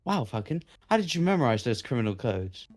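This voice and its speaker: A man's voice: mid-range voice, sing-song, brisk, darkish tone, faint music behind, natural voice. Earnest young sidekick bird, wide-eyed, man reading. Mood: surprised. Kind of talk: reading game dialogue aloud.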